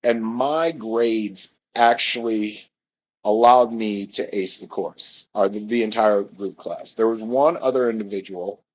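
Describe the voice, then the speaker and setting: A man's voice: on the low side, a little slow, a little hiss or hum, rough recording. A man telling a meandering personal story, often correcting himself mid-sentence.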